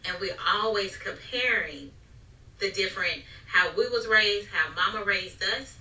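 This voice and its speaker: A mother chats animatedly in a casual family conversation about raising her daughter, acting out what she says. Her voice is medium-pitched, pushed and bright, at a measured pace, recorded in an echoey room with the mic at a distance.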